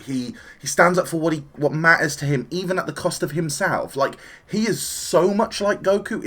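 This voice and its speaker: A man giving a casual, enthusiastic spoken review of an anime episode, chatty and animated, now and then acting out the characters' lines. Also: fairly high pitch.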